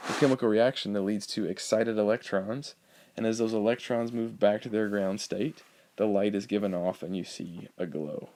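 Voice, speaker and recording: A male biology teacher giving a recorded lecture over slides, explaining in a relaxed way with frequent ums and uhs. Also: fairly low pitch, normal speed, slight background noise.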